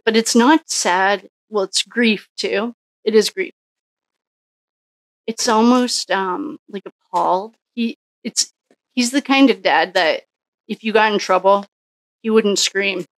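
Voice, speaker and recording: A woman's voice: mid-range voice, dry recording. A woman doing a casual solo tarot reading, musing and thinking aloud with frequent restarts. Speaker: psychic tarot reader.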